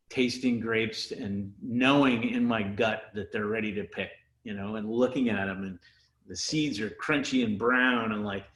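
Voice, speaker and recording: Laid-back man on an echoey call. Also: fairly low pitch. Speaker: winery founder and guest. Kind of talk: casual video chat storytelling.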